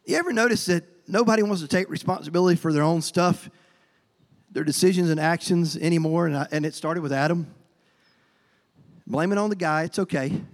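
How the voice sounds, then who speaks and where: A male pastor preaching a folksy sermon, stumbling over repeated words and acting out quotes. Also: fairly high pitch. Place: church sanctuary. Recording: long hall reverb.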